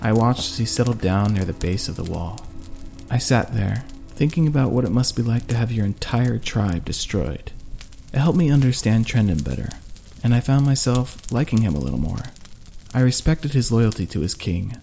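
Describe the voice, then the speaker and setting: Gravelly, mellow male narrator. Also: mid-range voice, expressive, moderate pace. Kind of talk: first-person audiobook narration.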